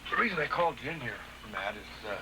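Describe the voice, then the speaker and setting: A man's voice: medium pitch, sing-song. Brief: male wrestling promoter, stammering and soothing, noisy old TV audio. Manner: halting, stammering, placating. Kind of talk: staged wrestling promo confrontation.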